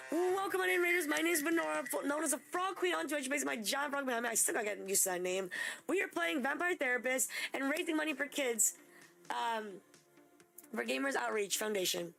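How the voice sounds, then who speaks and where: A young woman hosting a live game stream, chatting excitably and gushing thanks to her viewers. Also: high voice, fairly quick, gravelly, music in the background. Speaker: livestream host. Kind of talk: casual live-stream chat.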